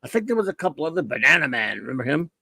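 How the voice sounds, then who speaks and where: A man's voice: fairly high pitch, sing-song, rapid-fire, vocal fry, sharp tone, husky, no echo. A man from the United States hosting a casual livestream chat over a video call, thinking aloud with many restarts. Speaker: host.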